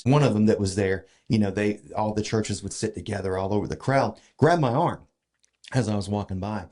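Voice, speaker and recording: A man telling a long story in a casual podcast chat, full of fillers and restarts. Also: fairly low pitch. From Georgia, US. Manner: animated, filler-heavy retelling with many restarts. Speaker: podcast guest.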